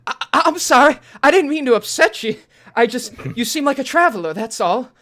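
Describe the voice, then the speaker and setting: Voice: sits high, animated, a little fast, pushed and bright, pitched above the performer's own voice. A game master voicing a shy, polite young man who talks like an eager kid. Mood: apologetic. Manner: apologetic, eager to please.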